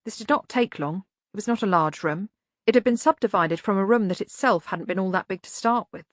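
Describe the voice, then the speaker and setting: A woman's voice: mid-range voice, a little fast, no room sound. Woman narrating an audiobook, dry sound.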